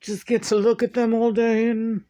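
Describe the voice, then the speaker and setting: A woman voicing her late husband as he speaks through her, in a slow, halting and tender manner. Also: a little high, flat delivery, mellow, no echo, pitched above the performer's own voice, natural voice.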